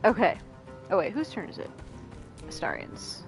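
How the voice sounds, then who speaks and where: A woman's voice: mid-range voice, huge pitch swings, moderate pace, over music. A woman streaming a video game, chatting casually, laughing often and reading lines aloud. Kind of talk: casual gameplay commentary.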